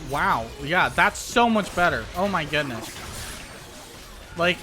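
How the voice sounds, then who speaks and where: A young man giving casual, excitable live gameplay commentary, teasing opponents as he plays. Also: on the high side, takes it slowly. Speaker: gaming content creator. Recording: voice over gameplay with background music. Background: background music.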